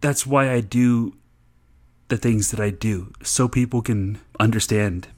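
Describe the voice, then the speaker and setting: A man's voice: on the low side, unhurried, darkish tone. A man from Florida doing loose, rhyming raps about his day, then talking casually with laughs and trailing, restarting sentences. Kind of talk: casual rap and chat.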